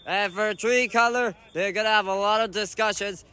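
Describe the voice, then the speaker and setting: Man, high voice, bright tone, measured pace, live amateur soccer play-by-play full of shouted calls. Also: smooth. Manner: excitable, frequent shouted calls and exclamations. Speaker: amateur match commentator. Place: indoor soccer stadium.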